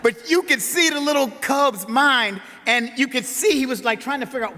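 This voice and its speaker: Preacher man telling a story, lively and rousing, big echoey hall sound. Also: very high voice, a little fast, hardly any pauses. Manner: animated, builds to a rousing close. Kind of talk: storytelling sermon. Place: large conference hall.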